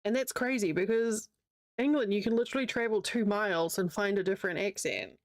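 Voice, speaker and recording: A woman's voice: medium pitch, a little fast, no echo, clean studio sound. A young woman with a New Zealand accent, chatting casually with her livestream audience while she crochets, rambling and answering chat as she goes. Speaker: streamer.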